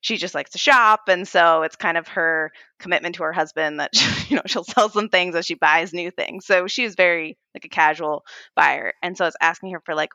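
A young adult woman tells her story as a podcast guest, laughing along and acting out her past remarks. Her voice is bright, with a dry, close sound. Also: lowish voice, brisk, no room sound. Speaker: guest reseller. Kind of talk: casual interview chat.

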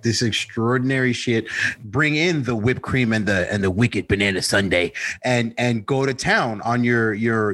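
A man's voice: mid-range voice, fairly bright tone, no echo. Pushy, coaxing man on a podcast. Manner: pushy, coaxing, talks over others. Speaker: podcast co-host. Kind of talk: casual chat.

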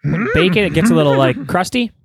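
A man co-hosting a casual podcast, blunt and quick with profane jokes. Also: fairly high pitch, expressive, gravelly, dry recording. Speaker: podcast co-host. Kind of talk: casual chat.

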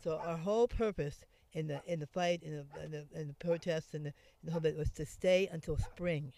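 Interviewee: woman, gravelly and mellow, rambling storyteller with restarts. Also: low-pitched, brisk, slight background noise. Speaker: interviewee, former homeless camp resident. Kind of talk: conversational storytelling.

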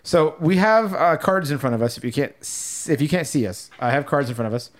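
A man's voice: a little high, expressive, fairly quick. A young man hosting a casual chat, rambling and self-deprecating, laughing often.

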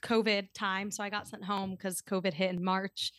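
A woman in her twenties, a guest on a podcast, chatting in a relaxed way and laughing easily. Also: medium pitch, normal speed, dry recording, clean studio sound. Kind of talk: casual chat.

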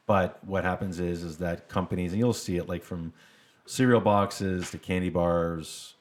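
A man's voice: low-pitched, fairly even intonation, moderate pace, slight background noise. A middle-aged man from Canada co-hosting a podcast, chatting easily and trailing off while he searches for words. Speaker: podcast co-host. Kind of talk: casual chat.

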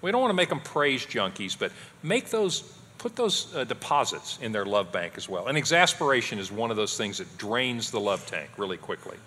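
A middle-aged man teaches parents in a church hall, his husky voice bright and full of swings in pitch. He talks conversationally and breaks into playful quotes of his kids and wife. A long hall reverb trails behind him. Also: big pitch swings, moderate pace. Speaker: pastor co-teaching a parenting class.

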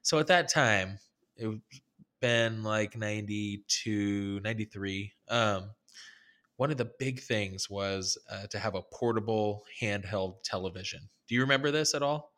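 Low, bright-voiced man with dry humor. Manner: wry, deliberate, dry humor, asks leading questions. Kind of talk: casual storytelling chat.

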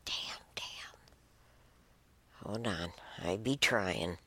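A woman's voice: extremely low pitch, very slow, pushed and bright, breathy edge. A woman hosting a casual solo talk show, rambling and exclaiming with chuckling asides. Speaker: host.

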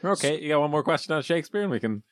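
Laid-back man with a lively voice. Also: on the high side, rapid-fire, dry recording, clean studio sound. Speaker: podcast co-host. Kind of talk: casual banter.

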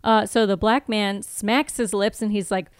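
A woman's voice: mid-range voice, steady tone, moderate pace, clear, resonant tone, dry recording, clean studio sound. A young woman co-hosting a podcast, chatting casually as she recaps a TV episode and acts out bits of the scenes. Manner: chatty, plays out scenes in voices. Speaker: podcast co-host.

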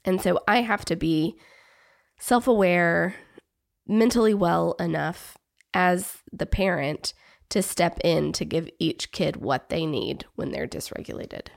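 A woman's voice: fairly low pitch, vocal fry. A woman, a therapist and parent, talking thoughtfully about parenting in an interview. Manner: thoughtful, reflective, speaks in measured phrases. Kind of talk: conversational podcast interview.

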